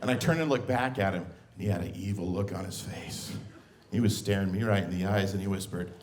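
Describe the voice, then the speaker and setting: Speaking a little fast in a low voice, a middle-aged man performs stand-up in a club. He tells family stories animatedly, acting out scenes along the way.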